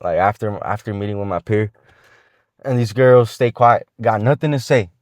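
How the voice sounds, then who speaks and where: A man's voice: lowish voice, normal speed, dry recording, clean studio sound. A man giving casual dating advice to the camera, talking in slang and swearing freely as he rambles along with restarts.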